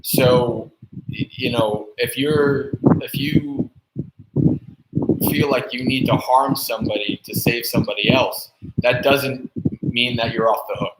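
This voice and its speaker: Man, Buddhist monk, mid-pitched voice, roomy echo, noisy stream, thoughtful pauses. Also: steady tone. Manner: thoughtful, hesitant, many fillers. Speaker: Buddhist monk answering questions. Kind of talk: live Q&A dharma talk.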